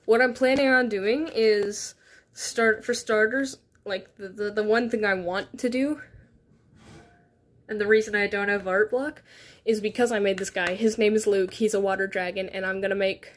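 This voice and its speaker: A woman's voice: medium pitch, fairly even intonation, moderate pace. A woman talks to her livestream viewers from her bedroom through a phone set on a tripod. She rambles, giggles often and pokes fun at herself. Her voice sits at an ordinary middle height. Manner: rambling, giggly, self-deprecating. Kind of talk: casual livestream chat. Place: her bedroom, on a beanbag chair.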